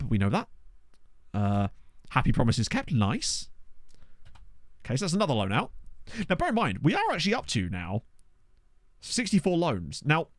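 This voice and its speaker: This man's medium-pitched voice comes through a desk condenser mic at studio quality with no room sound. He's live-streaming a management game, chatting casually, thinking aloud and occasionally swearing.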